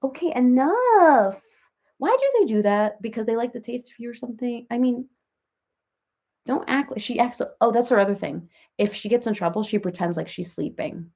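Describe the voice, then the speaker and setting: Gravelly rambling reality-TV cat lady, played by a woman. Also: fairly high pitch, sing-song, moderate pace, a little mellow. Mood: chatty. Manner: rambling and chatty, baby-talks her cats, answers viewers by name. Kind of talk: comedic parody livestream chat.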